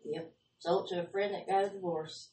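A woman's voice: lowish voice, brisk. Laughing woman telling stories in an echoey room. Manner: animated, laughing storyteller, drawling. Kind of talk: casual storytelling chat. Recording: echoey room, far from mic, faint noise.

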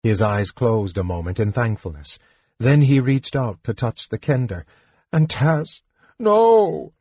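A man reading a fantasy novel aloud in slow, measured narration. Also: fairly low pitch, warm tone, husky, no room sound. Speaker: audiobook narrator. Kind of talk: scripted narration. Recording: dull lo-fi recording.

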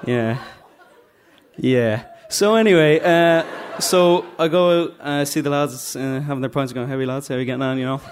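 Speaking at a moderate pace in a mid-range voice, a man from Dublin with a Dublin Irish accent stands on the stage of a live story night. He tells a comic story that pokes fun at himself and voices the characters in it.

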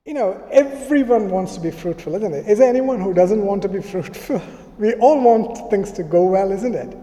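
A man's voice: high voice, expressive, moderate pace, mellow. A male pastor giving a sermon in a conversational way, often acting out what people said. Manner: conversational preaching, acting out quoted speech. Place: church. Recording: reverberant church hall.

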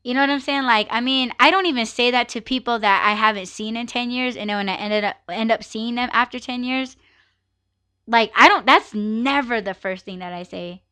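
A woman's voice: a little high, normal speed, sharp tone, clear, resonant tone. A woman hosting her own live podcast, chatting casually and ranting with plenty of swearing and laughter. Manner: ranting, profane, laughs often. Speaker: podcast host.

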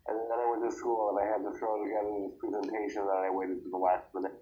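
Sick, tired man co-host, hoarse, grumbles through casual podcast chat, radio-like sound. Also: fairly low pitch, level tone, fast, highs cut off, slight background noise. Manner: grumbling, complaining.

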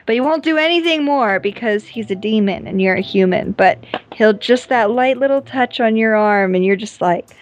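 A woman's voice: on the high side, normal speed. A woman co-hosting a podcast, chatting casually and playfully, often giggling. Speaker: podcast co-host.

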